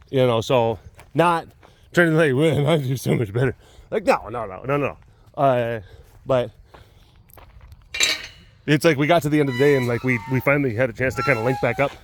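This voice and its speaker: A man's voice: medium pitch, no room sound. A man, a big cat keeper telling stories in a casual vlog, rambling with many fillers and chuckles.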